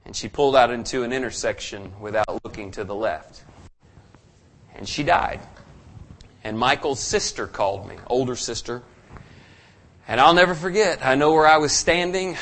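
A man's voice: mid-range voice, moderate pace, a bit bright. A man preaching a sermon, telling a personal story earnestly and building to fervent emphasis.

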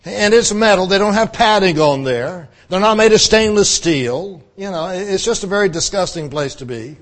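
High-voiced man preaching a sermon. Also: expressive, normal speed. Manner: conversational preaching with restarts and emphatic repetition. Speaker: pastor.

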